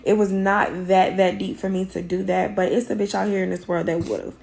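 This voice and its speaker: A hoarse mother, her voice worn out, recounting a fight in a blunt, emphatic, profane way. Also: medium pitch, flat delivery, a little fast, a little mellow, slight background noise. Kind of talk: casual storytelling.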